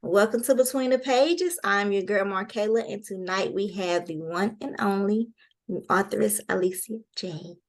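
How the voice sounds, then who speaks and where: A woman's voice: medium pitch, moderate pace. A woman from North Carolina with a Southern accent, hosting a casual interview in a playful, folksy way. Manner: playful, folksy, calls people girl and honey. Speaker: host.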